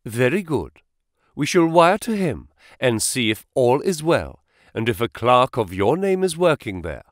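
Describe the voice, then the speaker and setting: Guy reading as a quick sharp detective, lively up and down voice, dry close sound. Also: mid-range voice, dry recording. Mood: brisk. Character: sharp, brisk male detective, reasoning aloud. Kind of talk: audiobook character reading.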